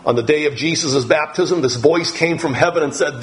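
Middle-aged guy preaching a sermon, slightly high voice, slow and deliberate with lots of pauses and uhs. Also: poor audio. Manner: slow, deliberate Bible teaching with many pauses and fillers. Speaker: pastor.

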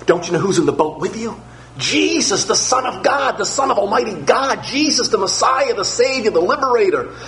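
A man's voice: sits high, sing-song, normal speed, a bit bright, low-quality recording. A man preaching an expository sermon, emphatic and repetitive, firing off rhetorical questions.

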